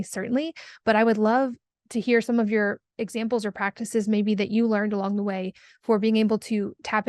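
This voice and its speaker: A woman's voice: mid-range voice, no room sound, studio quality. A woman podcast host asking a long, thoughtful interview question with fillers. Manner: thoughtful, talks in long winding sentences with fillers.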